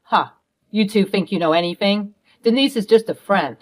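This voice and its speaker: A woman's voice: medium pitch, normal speed, natural voice. A woman playing a scheming middle-aged stepfather who blusters and stammers when caught. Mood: defensive. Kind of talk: storytime role-play.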